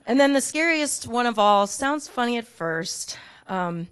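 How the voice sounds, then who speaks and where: Woman at a church giving a personal gratitude talk, open and emotional, rattles off quick lists. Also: medium pitch, expressive, smooth. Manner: candid and emotional, with rapid lists. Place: church sanctuary.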